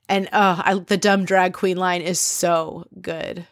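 A woman's voice: medium pitch, moderate pace, hardly any pauses, no echo, clean studio sound. A woman hosting a podcast, recapping a reality TV episode in a chatty, gossipy way and quoting the people she talks about. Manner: chatty, gossipy, quotes people in animated asides. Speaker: podcast host.

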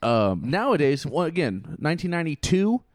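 A man's voice: fairly high pitch, sing-song, moderate pace, no echo, clean studio sound. A young man co-hosting a casual podcast, rambling with many restarts and the odd swear word. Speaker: podcast co-host.

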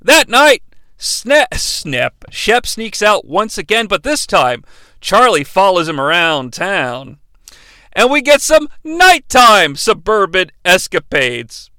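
A man with a high, bright voice recaps a movie in a lively, joking way. His tone is smooth and crisp, and the recording is dry and close with no room sound. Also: takes it slowly, dry recording. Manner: animated, joking, breaks into impressions. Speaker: movie reviewer. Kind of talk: comedic movie recap commentary.

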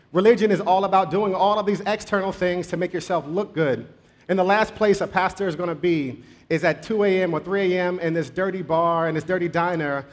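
Guy preaching, storytelling sermon, chatty, kinda high voice. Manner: conversational, with shifting pace.

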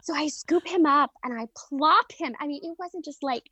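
High-voiced laughing woman telling a story. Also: normal speed, sharp tone, no echo. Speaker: podcast guest. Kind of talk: casual storytelling.

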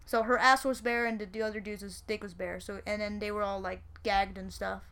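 A woman's voice: mid-range voice, steady tone, brisk, a bit bright. A woman co-hosting a podcast who retells a crime story in loose, profane casual chat and often trails off. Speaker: podcast co-host.

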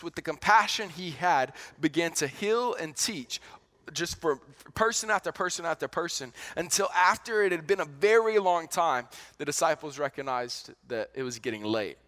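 A male pastor with a high-pitched voice preaching a sermon. He talks in a relaxed, conversational way and often restarts and repeats words as he goes.

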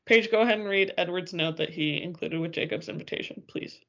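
A woman's voice: lowish voice, brisk, vocal fry, a bit bright, lo-fi sound. A woman co-hosting a podcast in casual chat, wry and teasing, laughing often. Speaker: podcast co-host.

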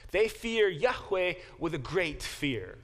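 Man, professor, classroom lecture, emphatic, fairly high voice. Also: big pitch swings, slow pace, fairly bright tone.

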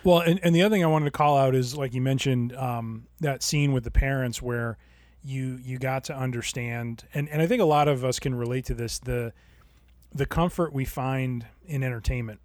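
Casting note: even-voiced man, reflective podcast co-host, dry mic. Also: medium pitch, normal speed, dry recording. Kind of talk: casual chat about TV.

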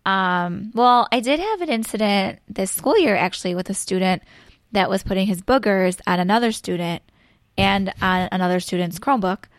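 A woman's voice: mid-range voice, lively intonation, normal speed, no room sound, clean studio sound. Chatty woman teacher explaining. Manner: explains step by step, many fillers like "so, like". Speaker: elementary school teacher. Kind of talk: casual podcast chat.

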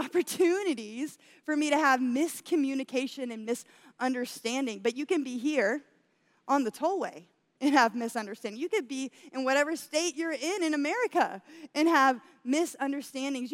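Young woman church speaker, high and bright, chatty story-led sermon, echoing hall. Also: normal speed. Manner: chatty, laughs often, says "y'all".

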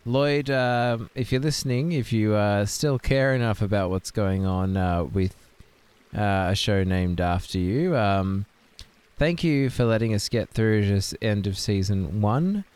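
A man's voice: on the low side, a little slow, a little mellow, clear, resonant tone. Rambling mock-serious young man hosting. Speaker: podcast host. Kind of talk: improvised comedy podcast.

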